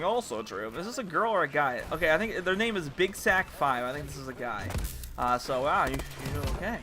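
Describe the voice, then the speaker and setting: A man's voice: fairly high pitch, sing-song, normal speed, pushed and bright. A young man telling stories over gameplay in a rambling, casual way. He often restarts his sentences and trails off. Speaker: gaming channel host.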